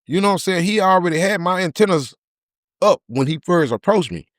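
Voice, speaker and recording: A man, a podcast guest telling a candid personal story in an emotional, halting way with many repeated words. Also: sits high, expressive, no room sound, clean studio sound.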